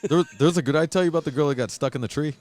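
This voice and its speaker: A man's voice: fairly high pitch, very fast, slight background noise. A man who is a guest on a casual podcast, telling a story with lots of swearing and "dude". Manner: animated, profane, says "dude" a lot. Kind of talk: casual chat.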